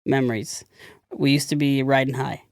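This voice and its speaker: A man in casual podcast chat, speaking at a middling pitch with a dry, close sound and no room echo. He rambles, circles back and trails off, sounding sheepish and self-deprecating. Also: level tone, moderate pace. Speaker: podcast co-host.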